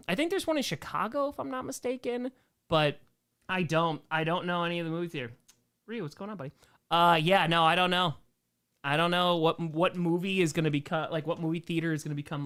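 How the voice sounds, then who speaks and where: A man's voice: fairly high pitch, a bit bright. Joking man chatting on stream. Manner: joking, sarcastic, laughs often. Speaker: streamer hosting a members Q&A. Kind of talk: casual livestream chat reading comments.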